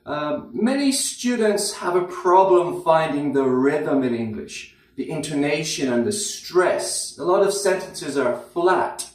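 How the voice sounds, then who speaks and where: Slow, echoey man teaching pronunciation. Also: on the high side, expressive. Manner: repeats words slowly, demonstrating sounds. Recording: very echoey room, somewhat far from the mic.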